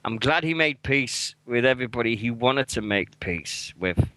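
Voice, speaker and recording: A man's voice: medium pitch, lively intonation, moderate pace, pushed and bright, dry recording, poor audio. A man in his forties with a British accent, co-hosting a casual radio chat, talking bluntly and swearing often. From England. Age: 40s. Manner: swears a lot, blunt and emotional. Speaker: radio co-host.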